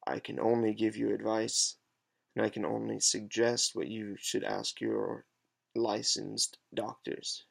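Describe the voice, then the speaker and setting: A man in his twenties giving a halting, hesitant, unscripted monologue with many pauses and fillers. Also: on the low side, creaky. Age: 20s. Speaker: patient advocate vlogger. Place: alone at home.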